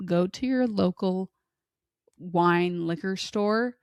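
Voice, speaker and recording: A chatty woman in her thirties spins long, rambling stories as a podcast co-host. Her voice carries a gravelly fry, and the sound is close and dry with no room echo. She keeps a casual, talkative pace. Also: on the low side, slow pace. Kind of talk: casual chat.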